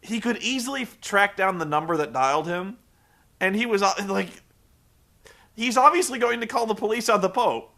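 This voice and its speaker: A man's voice: sits high, normal speed, gravelly. A man recapping a show in a sarcastic, profane comedic style, acting out the people in it. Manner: sarcastic, swearing, animated storytelling.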